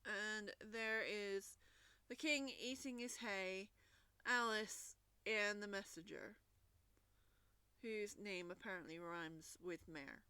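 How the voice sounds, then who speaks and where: A woman reading a classic children's book aloud, in lively narration with small restarts. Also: medium pitch, slow pace, clear, resonant tone, no room sound. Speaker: storybook reader.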